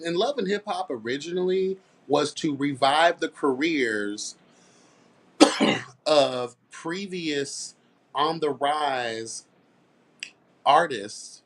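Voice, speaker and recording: A man's voice: fairly high pitch, a bit bright. A man hosting a casual commentary rant, sassy and blunt, swearing freely and stressing his points. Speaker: commentary host.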